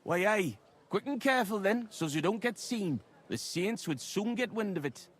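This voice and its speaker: An actor voicing a jolly young village ringleader, lively and quick to laugh. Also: male voice, sits high.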